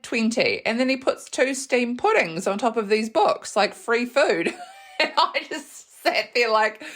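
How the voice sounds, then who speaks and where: A woman with a New Zealand accent hosting a podcast, telling a funny story in a casual, animated way, laughing often and acting out what people said. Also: medium pitch. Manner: animated, laughs often, acts out quoted voices. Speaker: podcast host.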